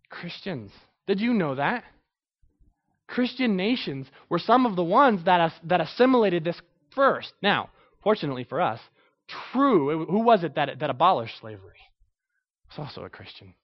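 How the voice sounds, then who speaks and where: A man's voice: sits high, highs cut off. A man preaching a conversational sermon, asking his listeners questions and answering them. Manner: conversational, asks the audience questions. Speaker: pastor.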